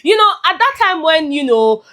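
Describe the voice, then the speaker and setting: A woman's voice: extremely high pitch, big pitch swings, moderate pace, a bit bright. A young Nigerian woman with a Nigerian accent, chatting expressively as a movie reviewer and slipping into pidgin. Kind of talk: casual chat.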